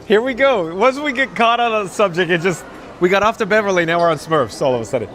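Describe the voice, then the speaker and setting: A man's voice: high voice, sing-song, a little fast, fairly bright tone, slight background noise. A man hosting a casual live stream outdoors at a theme park, rambling and laughing helplessly.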